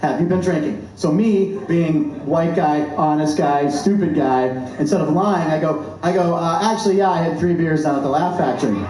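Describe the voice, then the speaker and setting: A man working a stand-up crowd with a brash, mocking, profane delivery. His voice sits high for a man. The sound rings out in a very echoey club room. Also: normal speed, hardly any pauses, warm tone. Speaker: stand-up comedian. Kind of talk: stand-up comedy set. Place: comedy club stage.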